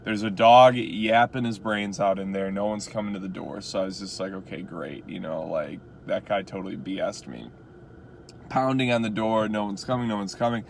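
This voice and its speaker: A rideshare driver from Chicago tells a story casually, his talk chatty and packed with "like" and "you know." His gravelly voice sits on the low side at a moderate pace, with a little hiss or hum in the background.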